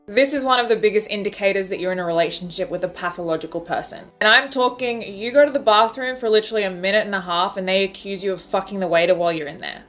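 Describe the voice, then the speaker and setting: Woman, blunt explainer, counts off numbered points, soft music under her voice. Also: mid-range voice. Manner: blunt, emphatic, listing points. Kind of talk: talking-head explainer.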